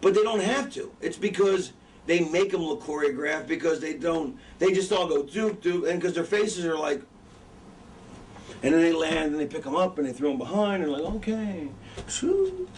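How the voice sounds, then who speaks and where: A man's voice: on the high side, normal speed. A middle-aged man and wrestling trainer teaching in a casual, profane, rambling way, often losing his train of thought. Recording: distant mic, faint background noise.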